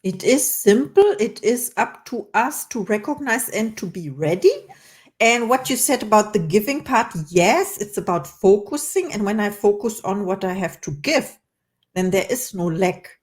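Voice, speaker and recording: A woman hosting an interview, enthusiastic and warm, laughing often between her questions. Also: medium pitch, lively intonation, moderate pace. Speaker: podcast host. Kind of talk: conversational interview.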